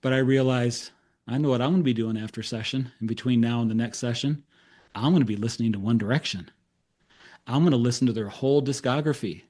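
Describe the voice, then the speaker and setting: Middle-aged man, therapist giving a conference talk, lively storyteller, acts out dialogue, wry humor. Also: medium pitch, fast talker. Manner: animated storyteller who acts out quoted dialogue; self-deprecating humor, chuckles. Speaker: therapist presenting case studies.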